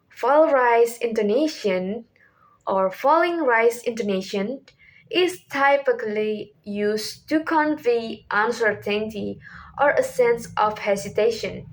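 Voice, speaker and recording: A young woman whose first language is Indonesian, reading a class presentation from a script as questions and answers, with small restarts. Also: fairly high pitch. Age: young adult. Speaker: student presenter.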